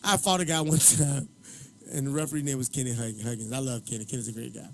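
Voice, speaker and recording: A man's voice: mid-range voice, steady tone, quick pace, slight background noise. A man, a former boxer, telling profane stories in a casual chat, laughing often. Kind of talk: casual storytelling.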